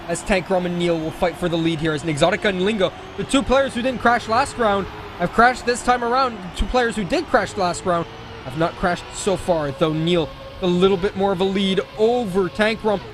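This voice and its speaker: A man casting a racing esports match with play-by-play commentary, excitable and jokey, often correcting himself mid-call. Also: high voice, moderate pace, background noise. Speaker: esports caster.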